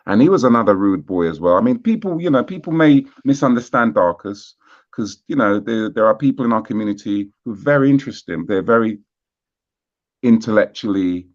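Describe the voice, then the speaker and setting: A British man as an interview guest, telling stories in an unhurried, casual way with many fillers. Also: fairly low pitch, dull audio. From Britain. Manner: relaxed and unhurried, with frequent fillers and asides. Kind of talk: casual conversational storytelling.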